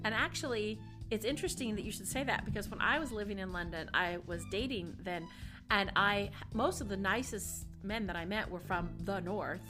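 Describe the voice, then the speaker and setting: A woman's voice: mid-range voice, moderate pace, over music. A woman hosting a podcast interview, bubbly and effusive, laughing often as she chats. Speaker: podcast host. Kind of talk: casual interview chat.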